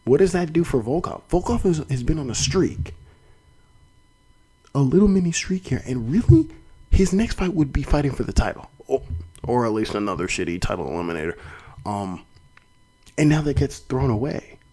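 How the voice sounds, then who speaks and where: A man's voice: medium pitch, very animated, normal speed, pauses often, dark tone, husky, rough recording. A young man hosting a solo fight podcast, talking casually and rambling with many restarts and some swearing. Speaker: podcast host.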